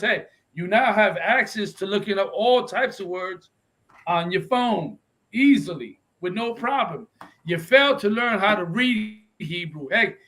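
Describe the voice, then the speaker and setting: A man's voice: sits high, bright, forceful tone, low-quality recording. A man teaching a confrontational Bible lesson, pressing listeners with repeated "right?" and switching between English and Spanish. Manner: emphatic, keeps asking "right?" for agreement. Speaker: religious instructor.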